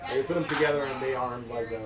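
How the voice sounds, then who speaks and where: A man's voice: medium pitch, steady tone, fast, very noisy. Easygoing man in an echoey room. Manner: easygoing, brief replies. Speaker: tabletop game player. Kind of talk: casual table chat. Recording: roomy echo, distant mic, loud table chatter.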